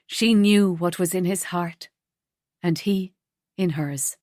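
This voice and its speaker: A woman's voice: lowish voice, slow, a little mellow, no room sound. Woman narrating a romance audiobook, dry. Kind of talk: scripted narration.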